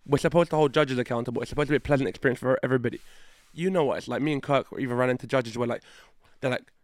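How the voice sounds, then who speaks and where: A man co-hosting a podcast in casual chat, excitable and fond of swearing. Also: mid-range voice, no room sound, clean studio sound. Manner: animated, swearing, fast and excitable. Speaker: podcast co-host.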